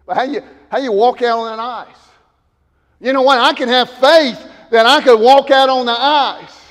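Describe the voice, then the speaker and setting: A man delivers a sermon at normal speed in a church sanctuary, his voice pitched high for a man. He moves between loud, shouted emphasis and quiet, low asides, and a long reverb from the hall trails each phrase.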